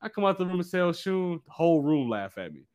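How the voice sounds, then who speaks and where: A man telling a personal story in casual chat, animated and slangy. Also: a little high, fast, a crowd in the background. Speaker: guest.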